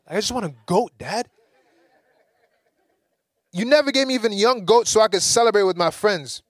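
A man's voice: fairly high pitch, lively intonation, fast, darkish tone, slightly rough, no room sound. A man doing a sulky, whining older brother. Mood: complaining.

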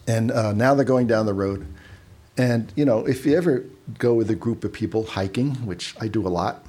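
A man's voice: lowish voice, normal speed, a little mellow. A man giving a casual, conversational sermon, telling stories with asides and repeating words as he goes. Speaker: preacher.

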